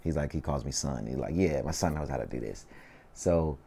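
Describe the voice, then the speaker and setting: A man in his thirties with a Southern Californian accent, telling stories in a relaxed, slangy way during a casual interview, full of "you know what I mean". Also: very deep voice, fairly quick, gravelly, breathy edge. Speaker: interview guest, rapper.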